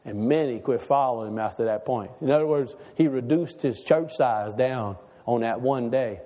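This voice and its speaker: A man's voice: mid-range voice, normal speed, warm tone. A man preaching a sermon as pastor, in a folksy, conversational way full of rhetorical questions, recorded in a church. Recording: long reverb of a large hall.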